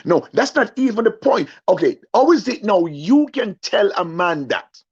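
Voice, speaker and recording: Captured in muffled lo-fi sound, a young man performs an animated stand-up story, playing its characters and frequently questioning the audience. His voice is high and slightly rough, at a normal speed.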